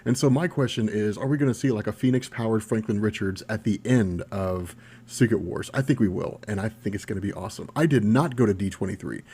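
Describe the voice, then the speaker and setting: A young man hosting a casual live stream Q&A about comics, chatty and quick to laugh, reading viewer questions aloud. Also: fairly low pitch, dark tone, breathy edge. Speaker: comics channel host.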